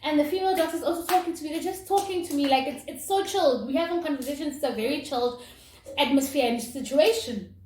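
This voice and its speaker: A young woman tells a story on her vlog with animated, dramatic energy. Her voice sits high and lifts easily. The room sounds echoey, with a faint hiss underneath. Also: fast. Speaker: vlogger. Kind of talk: casual storytime. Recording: roomy with faint noise.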